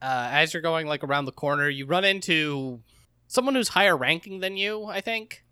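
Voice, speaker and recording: Man, podcast co-host, casual chat, higher voice, dry close sound, jokey. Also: normal speed, clean tone, no room sound. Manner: animated, jokey, mocking.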